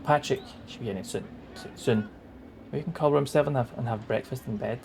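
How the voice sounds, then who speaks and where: A man's voice: medium pitch, brisk, creaky, darkish tone, slight background noise, natural voice. A man voicing a dreamy, self-absorbed young man in a 1920s story, speaking wistfully and theatrically.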